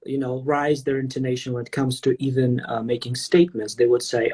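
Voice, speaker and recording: A man's voice: mid-range voice, steady tone, fairly quick, a little mellow, breathy edge. A man with a Russian accent hosting a livestream interview, chatty and full of questions. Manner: chatty, questioning, laughs easily. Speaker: host.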